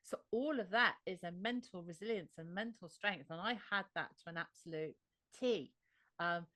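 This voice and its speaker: An Australian woman being interviewed, telling her story in a lively, animated way. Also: on the low side, normal speed, no room sound. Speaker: interview guest. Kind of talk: conversational interview.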